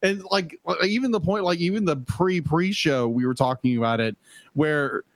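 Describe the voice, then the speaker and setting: A man's voice: a little high, moderate pace, no room sound. A man co-hosting a podcast in casual chat, rambling with many fillers and laughing often. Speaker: podcast co-host.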